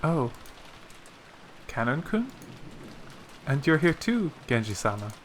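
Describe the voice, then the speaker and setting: A man's voice: fairly high pitch, very animated, slow pace, a little hiss or hum. A man voicing a polite, timid young female maid, reading a visual novel aloud with humble, deferential speech.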